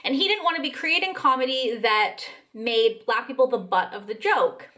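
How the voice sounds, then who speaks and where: A woman's voice: fairly high pitch, moderate pace, bright, forceful tone. A young adult woman giving a casual commentary vlog, blunt, swearing, with frequent "like" fillers. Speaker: commentary vlogger.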